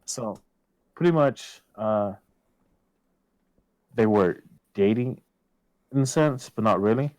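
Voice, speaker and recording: A man's voice: fairly low pitch, slow, long pauses, no room sound, low-quality recording. A man telling a personal story in casual podcast chat, swearing often and acting out his own past lines. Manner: swears a lot, quotes himself loudly.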